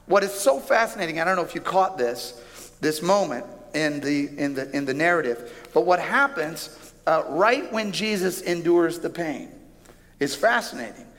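A man preaching a sermon as pastor, speaking with animated, emphatic delivery and drawing out key phrases. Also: a little high. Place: large church auditorium with a stage. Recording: long hall reverb from a large auditorium.

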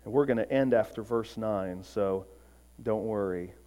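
A man preaching a sermon, earnest, swinging from emphatic peaks to quiet, soft passages. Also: on the low side, unhurried. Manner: acts out short voices in quotes. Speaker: pastor.

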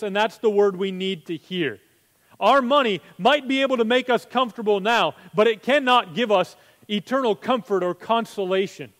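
A man's voice: high voice, a bit bright, big-room sound. A man preaching a sermon as pastor, conversational and full of rhetorical questions.

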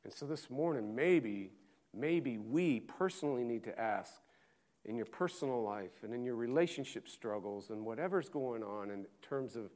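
Male pastor, mid-pitched voice, dramatic sermon delivery with loud and hushed passages. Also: lively intonation. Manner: swings from loud urgent preaching to hushed slow reading.

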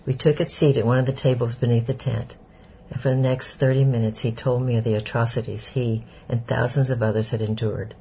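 A man narrating an audiobook in a steady, measured way. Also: mid-range voice, gravelly, slight background noise, rough recording.

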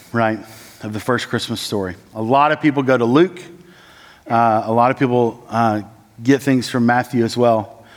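A man preaching a sermon with frequent "uh" and "like" fillers, who moves between raised, urgent lines and low, slow, quiet ones. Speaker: church planting resident preaching. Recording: long church-hall reverb.

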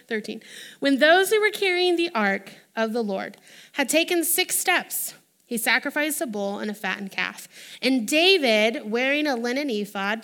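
A woman preaching a sermon in an animated way, acting out the voices she quotes. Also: fairly high pitch.

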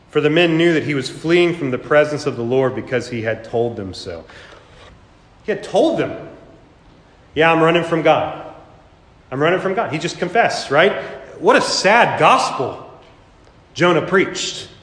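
A middle-aged man preaches a sermon in a reverberant church sanctuary, his voice sitting a little high for a man. He leans into earnest emphasis, rising and falling as he presses his points. The long echo of the hall trails after his words. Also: fairly bright tone. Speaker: pastor.

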